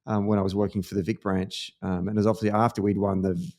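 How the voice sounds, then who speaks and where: Australian male podcast host, chatty and animated, trades campaign yarns. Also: lowish voice, quick pace. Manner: animated storyteller, lively anecdotes. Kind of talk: casual political chat.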